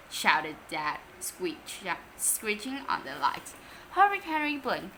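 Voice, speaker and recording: Expressive woman reading a children's story. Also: medium pitch, slight background noise, rough recording. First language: Vietnamese. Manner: expressive, unhurried.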